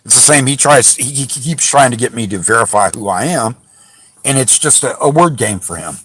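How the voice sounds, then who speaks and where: A frustrated man vents at length about a police encounter, rambling and indignant, circling back with restarts and fillers. His voice sits at an ordinary middle pitch and is recorded dry and close, with no room echo. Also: expressive, moderate pace, a bit bright, breathy edge. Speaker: channel host recounting a police encounter. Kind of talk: casual rant to camera. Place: parked car.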